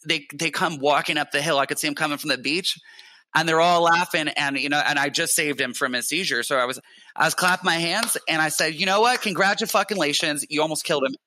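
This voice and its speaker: Bright-voiced man telling a rambling profane story. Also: a little high, no room sound, poor audio. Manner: rambling, profane, laughs often. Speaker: guest. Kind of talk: casual storytelling.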